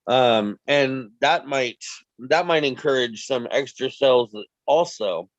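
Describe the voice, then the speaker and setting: A man with the hiccups leading a team call, giving rambling, relaxed sales advice. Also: mid-range voice, takes it slowly, no echo, lo-fi sound. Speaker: team leader. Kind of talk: casual coaching chat.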